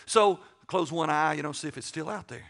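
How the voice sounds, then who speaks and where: A man's voice: fairly high pitch, brisk, vocal fry, fairly bright tone. A man, preaching a sermon and telling a story, acting out the dialogue and often repeating words. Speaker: pastor.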